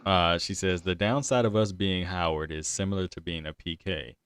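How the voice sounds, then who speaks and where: A man's voice: sits low, steady tone, moderate pace, a bit bright, slight background noise. A young man hosting a casual podcast chat, talking loosely and laughing often. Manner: laughs a lot, loose and chatty. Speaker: podcast host.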